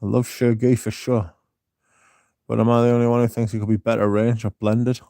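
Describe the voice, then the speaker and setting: A man's voice: mid-range voice, level tone, fairly quick, dark tone, no echo, clean studio sound. A man hosting a casual livestream, rambling, swearing freely and reading out chat, with a slightly sore throat. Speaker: livestream host.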